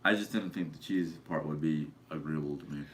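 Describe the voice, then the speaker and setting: A man's voice: rumbling low, fairly quick, fairly bright tone. A man giving brief, laid-back replies while co-hosting a home livestream. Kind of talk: casual chat on a livestream. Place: living room at home.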